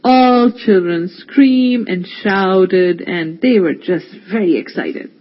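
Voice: medium pitch, takes it slowly, dull audio. A storyteller narrating a children's story expressively. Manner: expressive, lively reading.

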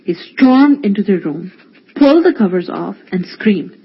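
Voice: mid-range voice, a little slow, muffled recording, background noise. A storyteller narrating a children's story expressively. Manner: expressive, lively reading.

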